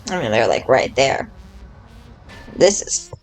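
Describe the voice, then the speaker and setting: A woman's voice: rumbling low, very animated, slow pace, darkish tone, low-quality recording. A young woman streamer casually commenting on a game, rambling, swearing freely and trailing off into fillers.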